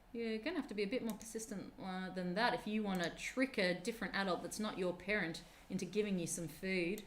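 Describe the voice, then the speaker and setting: A woman's voice: medium pitch, fast, hardly any pauses. A woman hosts a live stream in a chatty, upbeat way. She talks straight to the children watching at home. Her tone is casual and friendly. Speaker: live-stream presenter at a penguin nature park.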